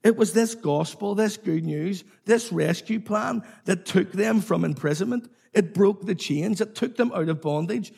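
A man's voice: sits high, a little slow, vocal fry, few pauses, a little mellow, breathy edge. A man preaching a sermon, emphatic and repetitive, calling on the congregation to respond.

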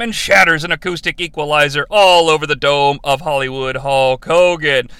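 A man hosting a podcast, giving a jokey, animated comedic recap of a wrestling broadcast. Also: a little high, moderate pace, hardly any pauses, clean tone. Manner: animated, jokey, laughs at his own asides. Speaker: podcast host.

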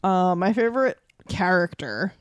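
Deadpan man cracking crude jokes. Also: sits high, normal speed, clean tone. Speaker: podcast co-host. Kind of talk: casual chat.

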